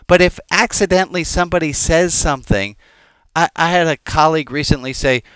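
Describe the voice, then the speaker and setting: A man's voice: fairly high pitch, brisk, fairly bright tone, smooth, dry recording. A man who is a rabbi gives an informal teaching sermon, talking conversationally with the congregation, wandering off on tangents and making jokes. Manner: conversational, digressive and joking, addressing the congregation.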